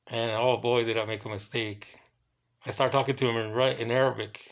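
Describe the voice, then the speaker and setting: A man who works hotel security, telling a casual story in loose, halting runs and bursting into profane exclamations. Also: mid-range voice, dull audio. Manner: excitable and profane, breaks into quoted exclamations; talks in loose, halting runs with many fillers.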